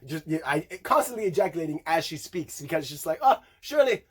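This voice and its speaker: A man's voice: a little high, expressive, fast talker, a bit bright, breathy edge. A man chatting casually through an album review, rambling and profane, often laughing and singing along to lyrics. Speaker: music reviewer.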